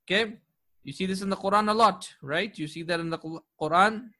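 A man's voice: sits high, bright, forceful tone. A man teaching an Arabic grammar class, explaining terms in English and checking in with his students again and again. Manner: quizzing students with frequent "right?" and "correct?"; recites Quranic verses quickly in Arabic. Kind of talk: classroom lecture.

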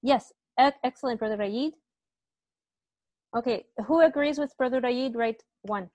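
A woman's voice: on the high side, a little slow, darkish tone, no echo, lo-fi sound. A woman teaching an online Arabic grammar class, explaining step by step and often checking with students, with a slight cough.

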